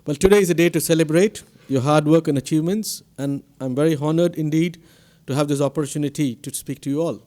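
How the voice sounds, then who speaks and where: A man's voice: on the high side, fast, few pauses, mellow. A man with an Indian English accent giving a formal convocation address as institute director, asking the audience questions, recorded at a podium mic in a ceremony hall. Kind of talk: formal commencement speech.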